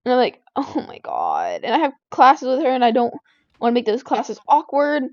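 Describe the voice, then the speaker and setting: A high-pitched teenage girl rambles through an exasperated vent session while she plays a game. Her words come packed with "like" fillers. The sound is dry and a bit dull, as if recorded on a lo-fi home mic. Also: fairly even intonation, brisk, no room sound. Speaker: gaming vlogger. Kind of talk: casual venting while playing a game.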